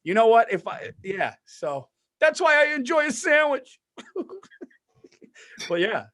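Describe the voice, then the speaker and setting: A man with a high-pitched voice tells a story on a podcast in a loud, animated way. He swears oaths that it is true and acts out the people in it. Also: measured pace. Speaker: podcast co-host. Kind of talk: casual storytelling.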